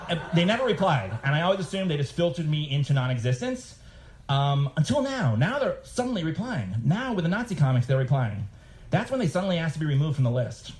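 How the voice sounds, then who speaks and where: A man's voice: fairly high pitch, darkish tone. Sardonic man reading to a live crowd. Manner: sardonic, mimics email writers in raised voices. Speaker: author giving a live reading.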